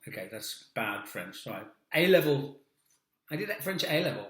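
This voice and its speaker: A man's voice: medium pitch, lively intonation, normal speed, a bit bright, roomy sound. A man in his forties hosting a casual song reaction video, chatty and playful with self-mocking asides. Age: 40s. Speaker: video host reacting to songs.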